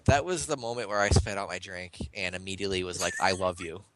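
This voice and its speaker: Deep-voiced, rambling young male interviewer. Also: animated, fast talker, noisy background. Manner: rambling, filler-heavy, eager fan. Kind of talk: casual online interview. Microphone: online voice call.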